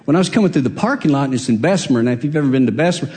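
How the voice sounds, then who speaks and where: A man's voice: medium pitch, lively intonation, racing, darkish tone, big-room sound. A man, a pastor from Alabama telling a personal story in a chatty, self-deprecating way, chuckling as he goes. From Alabama, USA. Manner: folksy, self-deprecating, laughs while telling stories. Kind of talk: conversational storytelling sermon.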